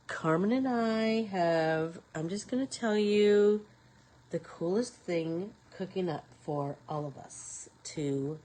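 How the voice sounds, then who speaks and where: A woman's voice: lowish voice, takes it slowly, dark tone, a little hiss or hum, low-quality recording. A woman hosting a live painting tutorial, talking casually to viewers and to herself as she works. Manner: talks to herself while working, rambling. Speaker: craft show host.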